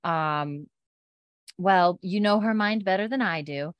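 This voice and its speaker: A woman reading out the lines of a shrewd elderly Highland matriarch, using old Scots words like ken and bairn. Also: slow pace, clean tone, no echo, lo-fi sound. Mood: scheming.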